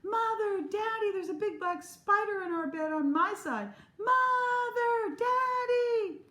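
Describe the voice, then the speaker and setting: A woman reading aloud puts on a frightened little girl from a storybook. Her voice jumps far up into a shrill, squealing register. The recording carries a roomy echo. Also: slow pace, bright, forceful tone, full character voice. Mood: panicked. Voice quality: high and squealing.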